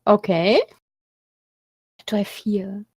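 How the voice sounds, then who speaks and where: A woman playing a tabletop game, speaking in a measured way. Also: mid-range voice, fairly even intonation, darkish tone, slightly rough, dry recording. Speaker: player.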